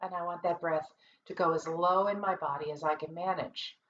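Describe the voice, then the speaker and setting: A woman's voice: fairly low pitch, normal speed, slight background noise. Woman teaching singing over dull, distant audio. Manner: calm, explanatory, practical. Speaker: music teacher and conductor. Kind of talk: online singing lesson. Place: home, seated at a computer. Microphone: computer mic.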